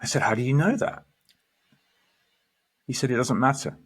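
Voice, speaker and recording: A man, a guest astrologer, telling a story in lively conversation, acting out quoted lines and restarting his sentences. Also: medium pitch, moderate pace, breathy edge. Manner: animated storyteller, quotes others, restarts often.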